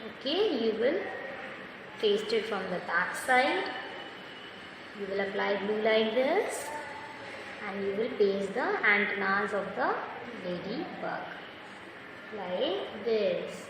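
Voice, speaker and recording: In a mid-range, animated voice, a woman teaches children a craft step by step, slowly and patiently, with frequent praise. Background noise is present, and the room is very echoey with a long reverb.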